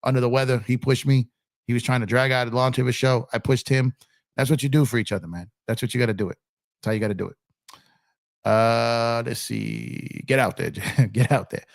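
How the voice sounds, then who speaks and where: Socal guy hosting a sports stream, gravelly voice still getting over a cold, laid-back and repeats himself a lot, dry close sound. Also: mid-range voice, fairly even intonation, a little fast, dry recording. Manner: laid-back, repeats phrases, reads chat aloud. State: recovering from a cold. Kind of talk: casual live-stream chat.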